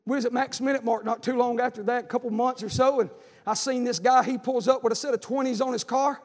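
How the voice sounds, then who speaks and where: A man's voice: very high-pitched, fairly even intonation, fast talker. A man preaching a revival sermon, fervent and repetitive, with folksy asides. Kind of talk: revival sermon with personal testimony. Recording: long reverb of a large hall.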